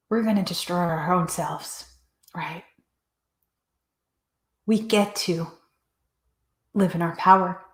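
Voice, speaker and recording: A woman's voice: lowish voice, takes it slowly, long pauses. A woman hosting a talk show, delivering a passionate motivational speech in a repetitive, rallying cadence. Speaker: host. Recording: echoey room.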